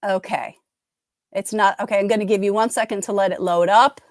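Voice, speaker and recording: Speaking fairly quickly at medium pitch with fairly even intonation, a middle-aged woman hosts live trivia, chatting in an upbeat, casual way and breaking off mid-thought. The sound is clean studio quality with no echo.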